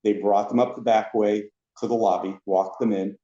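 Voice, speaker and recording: Lively storytelling man, lowish voice, roomy lo-fi sound. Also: normal speed. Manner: lively storyteller who acts out other people's lines. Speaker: podcast guest, former theme park ride attendant. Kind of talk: anecdotal storytelling in a podcast interview.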